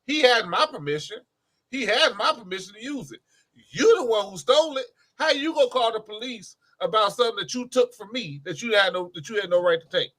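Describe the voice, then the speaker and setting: A man with a high, bright and sharp-edged voice talks casually with a co-host. He argues emphatically and builds his case from everyday examples. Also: expressive, a little fast. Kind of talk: casual chat.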